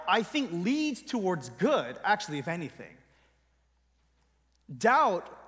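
A male pastor preaching a sermon in a conversational, emphatic way, often dropping his voice quietly at the end of a thought. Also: high-pitched, big-room sound. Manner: conversational, emphatic, trails off quietly at line ends.

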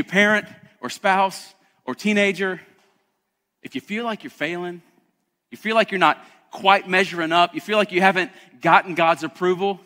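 A man's voice: sits high, bright, forceful tone, long reverb tail. A man preaching a sermon as pastor, emphatic and conversational, often calling out to the congregation.

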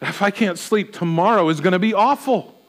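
A middle-aged male pastor with a noticeably high voice delivers a sermon. He speaks earnestly and voices anxious rhetorical questions as though thinking them aloud. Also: a little fast.

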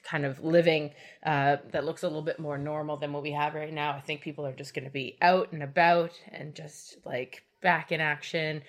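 A woman with a very low voice, co-hosting a casual podcast. She is agreeable and keeps affirming the others as they talk. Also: flat delivery, normal speed, few pauses. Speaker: podcast co-host. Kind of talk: casual chat.

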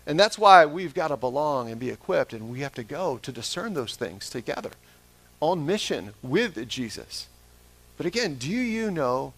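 A man's voice: on the high side, expressive, moderate pace. Man preaching, questioning and earnest. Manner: asks the congregation repeated questions. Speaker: pastor. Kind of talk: sermon.

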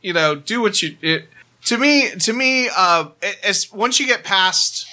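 A man's voice: high-pitched, animated, unhurried, bright, forceful tone. A man co-hosting a podcast in a casual chat, rambling and often correcting himself mid-sentence.

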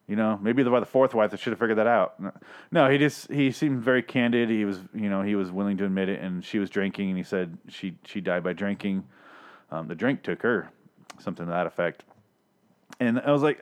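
A man's voice: on the low side, a little fast. A man hosting a casual TV episode recap, rambling, profane and opinionated as he talks. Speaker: podcast host.

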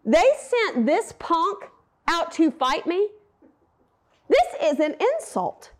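A proud giant warrior scoffs in disbelief, his voice pitched high and sneering, as a woman preacher acts him out in her talk. He rants with mocking outrage. He sounds insulted just by the sight of his opponent. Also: big pitch swings, takes it slowly, heavily acted. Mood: scornful. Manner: mocking, incredulous ranting.

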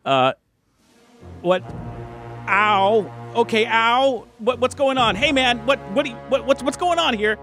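A man's voice: very high voice, animated, a little slow, bright, forceful tone, soft background music, pitched above the performer's own voice, exaggerated voice. A man voicing a confused, panicky young man who stammers in fright after waking up tied. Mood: panicked.

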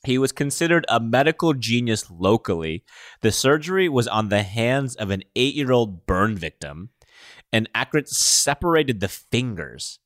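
A man co-hosting a casual chat show, reading odd news items aloud, joking and laughing between lines. His pitch rises and falls a lot. The sound is dry and close, with almost no room. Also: big pitch swings, normal speed, a bit bright, no room sound. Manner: jokey, laughs while reading, mangles names on purpose. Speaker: podcast co-host.

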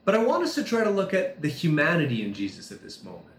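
A man preaching a sermon, talking through a scripture passage in a conversational way, with quick asides and slower, dramatic reading. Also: fairly high pitch, wildly swooping pitch, echoey room, a little hiss or hum. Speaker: pastor.

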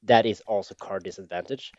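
Low-voiced man, dry dull audio. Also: brisk, darkish tone, no echo. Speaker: podcast co-host. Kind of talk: casual chat.

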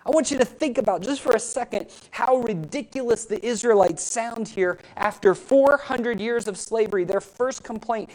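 A woman pastor preaching a sermon, rising in pitch and volume for emphasis and asking the congregation questions. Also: lively intonation, moderate pace, few pauses, darkish tone, rough recording. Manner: speaks directly to the congregation with questions.

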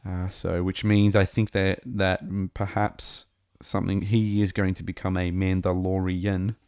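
Guy with a deep gravelly voice rambling on about an episode, lots of ums, dry close mic. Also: level tone, a little slow, darkish tone, no echo. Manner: rambling, enthusiastic, many ums and restarts. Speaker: show reviewer. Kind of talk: casual recap talk.

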